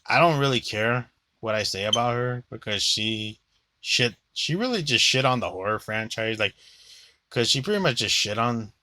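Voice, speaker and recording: A man's voice: mid-range voice, animated, moderate pace, bright, forceful tone. A young man giving a rambling, blunt movie review monologue, swearing freely and filling gaps with "like".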